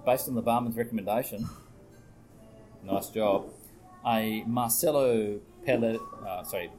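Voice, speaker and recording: A man with a somewhat low voice co-hosts a casual podcast from a restaurant bar. He rambles and jokes, swearing now and then. Faint background music plays. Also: measured pace, a little mellow, low-quality recording. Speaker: podcast co-host. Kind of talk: casual chat.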